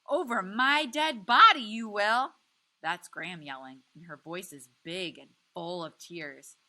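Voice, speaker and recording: A woman teacher reading a novel aloud to a class with expressive, lively storytelling. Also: low voice, rough recording.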